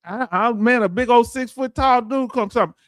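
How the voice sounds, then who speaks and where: A man's voice: extremely high pitch, moderate pace, fairly bright tone, dry recording, studio quality. A middle-aged man with a Southern US accent hosting a casual livestream, joking, laughing and reading out viewer comments. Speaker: livestream host.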